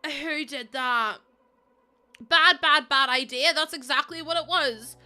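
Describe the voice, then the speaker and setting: Young streamer, woman, bright crisp tone, excitable and quick to laugh. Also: sits high. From Northern Ireland. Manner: excitable, gushing, breaks into laughter. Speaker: livestreamer. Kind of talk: casual livestream chat.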